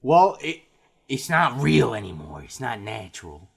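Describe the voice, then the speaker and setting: A man's voice: medium pitch, big pitch swings, measured pace, vocal fry, a bit bright, breathy edge. A man co-hosting a loose podcast conversation. He talks in a rambling way, piling up fillers and restarting his sentences as he goes. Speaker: podcast co-host. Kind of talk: casual chat.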